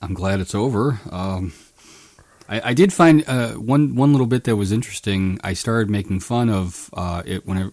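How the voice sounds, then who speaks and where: A man co-hosting a movie podcast in loose, rambling chat. His voice sits a little low and sounds dry and close to the mic. He stumbles through restarts and filler words and gets lively when retelling scenes. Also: normal speed, no room sound. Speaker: podcast co-host. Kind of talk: casual movie review chat.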